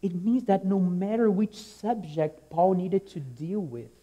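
Earnest low-toned male preacher, slow and mellow. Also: muffled recording. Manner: earnest, emphatic, repeats key phrases, drops to soft low endings. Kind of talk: sermon.

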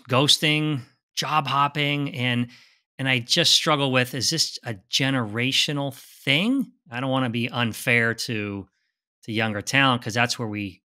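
Bright-voiced man asking questions. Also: mid-range voice. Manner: inquisitive, stammers and repeats words. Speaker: podcast co-host. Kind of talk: casual conversational chat.

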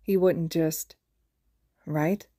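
A woman's voice: low voice, very slow, dry recording, clean studio sound. A woman reading fan fiction aloud, narrating steadily as a podfic reader. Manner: steady, plain storytelling.

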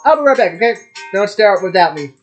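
A man voices a blunt, short-tempered teenage girl from a visual-novel game. She talks impatiently and directly, with a slightly higher pitch. Faint music plays in the background. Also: very animated, fairly quick, dull audio. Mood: eager.

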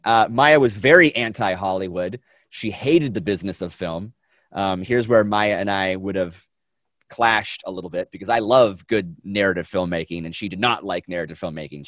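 A man teaching a film class, talking in a lively, conversational way and asking the students questions. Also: low-pitched, no room sound. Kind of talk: classroom lecture.

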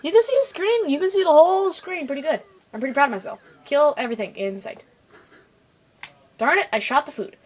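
A young woman chatting casually while she plays a video game, excitable and rambling, switching between loud outbursts and quiet mumbling. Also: high voice, fairly quick, low-quality recording. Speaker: gaming video host. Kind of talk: casual gameplay commentary.

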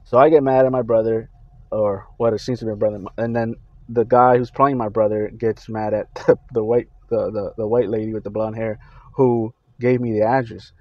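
A man's voice: on the low side, little pitch movement, no echo, muffled recording. Rambling man recounting his dreams. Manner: rambling, halting, many fillers and restarts. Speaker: Christian channel host.

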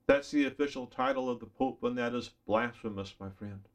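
A man's voice: mid-range voice, brisk. A man preaching a Bible study sermon in an earnest, emphatic way, often addressing the listener directly as a friend.

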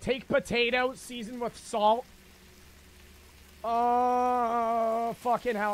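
A young man streaming a cooking game, talking to his chat in a frantic, profane, yelling way. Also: very high voice, steady tone, slow pace, pauses often. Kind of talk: gaming livestream commentary.

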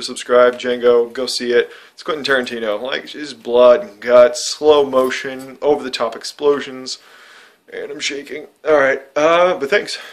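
Rambling man chatting offhandedly to camera. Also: mid-range voice. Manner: rambling, filler-heavy, offhand. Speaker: vlogger reviewing a movie. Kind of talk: casual rambling chat.

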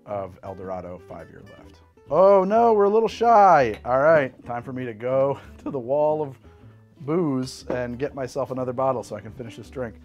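A middle-aged man hosts a relaxed home-bar cocktail tutorial, talking in a chatty, animated way and swearing freely. His pitch swings widely as he talks. Faint music plays behind him. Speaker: host making cocktails.

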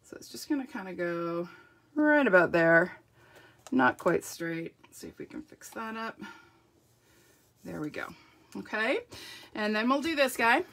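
A bright-toned woman leads a live crafting demo from her home craft room. She chats casually and laughs often, and her voice is a little croaky from a runny nose. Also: medium pitch, sing-song, measured pace, long pauses. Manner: chatty, laughs often, says "like". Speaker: papercraft demonstrator.

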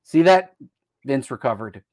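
A man's voice: mid-range voice, expressive, measured pace, a little mellow, dry recording, clean studio sound. An American man hosting a casual live-stream chat, talking in a rambling way and jumping between topics mid-sentence. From United States. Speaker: host.

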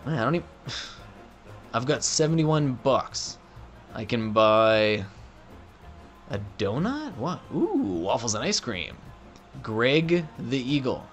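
A man's voice: medium pitch, sing-song, slow pace, pauses often, soft background music. A young man doing profane, joking let's play commentary on a game. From Canada. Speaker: gaming commentator.

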